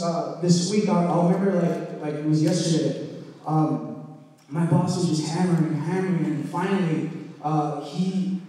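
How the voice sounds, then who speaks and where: A man's voice: sits high, darkish tone. A man giving a testimony at church, talking conversationally and asking "right?" often. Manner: conversational preaching, frequent "right?" asides. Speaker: church speaker sharing testimony. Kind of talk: preaching testimony. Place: church sanctuary. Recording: echoey hall heard from far off.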